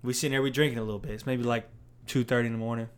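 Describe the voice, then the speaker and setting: A man's voice: medium pitch, steady tone, racing, smooth. A young man telling a long, profane, laughing story to friends on a podcast. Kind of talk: casual storytelling among friends.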